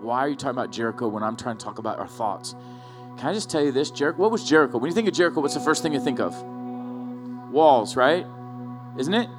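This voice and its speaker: A man preaching a sermon as pastor, talking conversationally and checking in with rhetorical questions to the room. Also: mid-range voice. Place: church hall.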